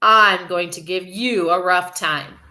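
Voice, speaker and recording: A woman voicing a huge, rough male rhinoceros in a storybook reading, loud and boisterous. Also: lowish voice, takes it slowly, exaggerated voice. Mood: gruff.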